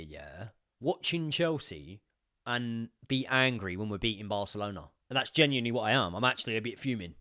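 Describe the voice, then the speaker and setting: A young man giving sweary live commentary as a football fan on a watchalong stream, swinging from muttering to shouting. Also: medium pitch, lively intonation, fairly quick, no echo, clean studio sound.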